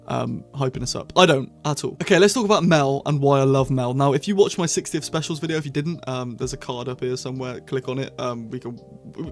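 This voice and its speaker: A man chatting excitedly as he reviews episodes of a TV series, full of quick asides. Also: medium pitch. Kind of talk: casual review monologue.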